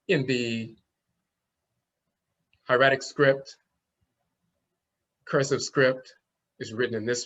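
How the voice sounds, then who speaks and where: A man's voice: medium pitch, fairly bright tone, highs cut off. A man teaching an online class, explaining things step by step and sounding out letters as he goes. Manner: explains slowly, demonstrates sounds aloud.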